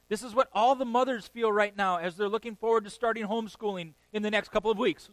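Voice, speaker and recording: A man preaching a sermon, telling a story with animated bursts of emphasis and chuckles. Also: high voice, fast, no echo, poor audio. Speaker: pastor.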